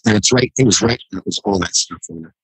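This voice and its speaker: A man being interviewed on a podcast, telling stories in a halting, reflective way. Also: lowish voice, husky, no room sound, poor audio. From United States. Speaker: podcast guest, jiu-jitsu black belt. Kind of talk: casual interview, storytelling.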